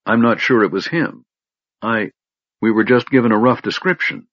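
A man's voice: fairly low pitch, moderate pace, fairly bright tone, no echo, pitched above the performer's own voice. A man voicing a nervous, cornered male soldier who hesitates and stammers. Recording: dull lo-fi recording.

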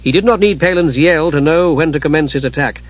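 A man narrating a fantasy audiobook in a steady, dramatic storytelling manner. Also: on the high side, fairly quick, no room sound. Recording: dull lo-fi audiobook recording.

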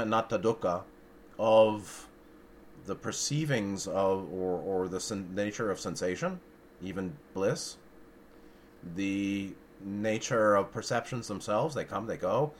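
A man's voice: on the low side, a little hiss or hum. A man giving an informal dharma talk, musing and searching for words, with dry humor and blunt asides. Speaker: dharma teacher.

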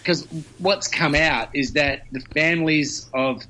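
A man's voice: fairly high pitch, measured pace, pushed and bright, low-quality recording. A man giving conversational news commentary on the radio, explaining at length with many fillers.

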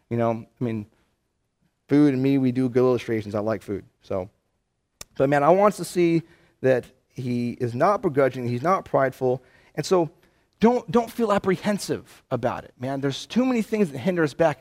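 Guy preaching, super casual, lots of "man" and "you know", kinda high voice. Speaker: pastor. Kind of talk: conversational sermon.

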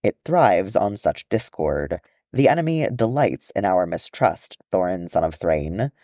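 A man's voice: low-pitched, very animated, a little slow, mellow, dry recording, clean studio sound. A man doing a grave old wizard.

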